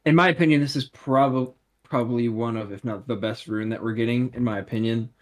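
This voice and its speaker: Male podcast guest, mid-pitched, eager, filler-heavy casual chat. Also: fairly quick. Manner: filler-heavy, enthusiastic, lots of "like".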